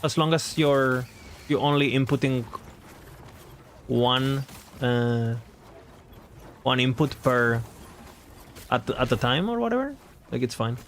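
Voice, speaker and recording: A man's voice: mid-range voice, animated, slow, pauses often, a little hiss or hum. A man chatting casually on a game stream as its host, rambling along and often laughing at himself. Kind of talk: casual live-stream chat.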